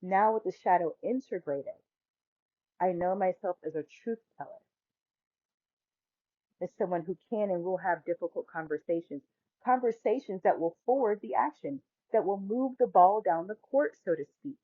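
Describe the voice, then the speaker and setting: A woman in her forties tells a personal story as a podcast host. She talks in an animated way and acts out the people she quotes. The sound is tinny and phone-like, with a dry, close feel. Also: fairly low pitch, normal speed, no room sound. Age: 40s. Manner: animated, acts out quoted voices, laughs often. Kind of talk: storytelling monologue.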